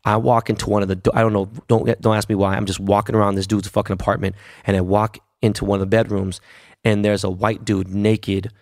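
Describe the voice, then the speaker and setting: A man hosting a podcast, telling a story in a profane, animated, casual way. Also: fairly low pitch, fairly quick, gravelly, no echo, studio quality. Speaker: podcast host.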